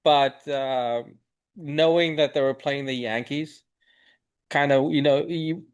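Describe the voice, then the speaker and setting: A man with a slightly higher voice talks casually on a podcast, laying out his point and checking in with his listener. He is heard through a video-call mic. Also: fairly even intonation, takes it slowly, clean tone, highs cut off. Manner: easygoing, explains with rhetorical "right?". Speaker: podcast co-host.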